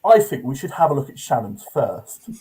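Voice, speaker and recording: A man's voice: mid-range voice, big pitch swings, moderate pace, dark tone, slightly rough, poor audio. A man hosting an improv comedy game show, hesitant and full of filler sounds as he sets the tasks and hands out points.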